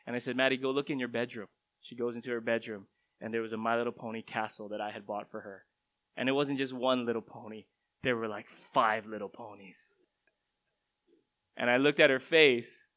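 A man's voice: medium pitch, fairly quick, fairly bright tone, poor audio. A man preaching a sermon in a conversational, storytelling way, his voice rising and dropping for emphasis. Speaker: pastor.

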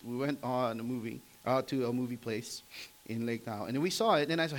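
A man in his forties preaching a sermon, telling family stories conversationally, asking the congregation questions and often clearing his throat. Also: medium pitch, fairly quick, low-quality recording. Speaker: pastor.

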